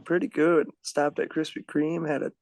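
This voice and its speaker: Upbeat male co-host, gravelly voice pitched a little high, dry close sound. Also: little pitch movement, moderate pace, a little mellow, dry recording. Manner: upbeat, enthusiastic, gushing. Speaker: podcast co-host. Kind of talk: casual podcast chat.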